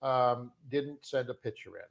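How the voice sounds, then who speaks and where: A man from Canada co-hosting a fishing show livestream, joking and offhand in casual chat, often trailing off quietly. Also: mid-range voice, measured pace, gravelly. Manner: joking, offhand, drifts quieter at the end of phrases.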